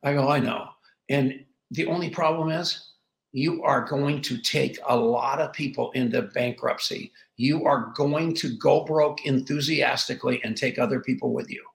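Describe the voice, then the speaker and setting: Gravelly middle-aged man telling stories. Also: medium pitch. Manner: animated, acts out dialogue with quick voice shifts. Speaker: podcast guest. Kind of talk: storytelling in an interview. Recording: roomy echo.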